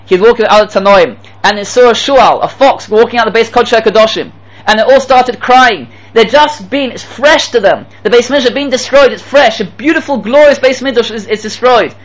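A very high, fairly quick male voice comes through a low-quality recording as a yeshiva teacher lectures on Torah. He presses his points hard, repeats important phrases, and asks his students rhetorical questions.

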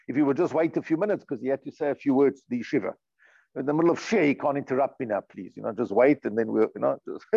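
A man teaches a religious lesson. He is earnest and emphatic and often circles back on his own words. His voice sits a little high with a gravelly edge, and it is captured on a dull, dry, lo-fi recording. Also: darkish tone, no room sound. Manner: earnest, emphatic, repeats and restarts phrases. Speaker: rabbi teaching a class. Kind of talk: storytelling lesson, reading and translating Hebrew text.

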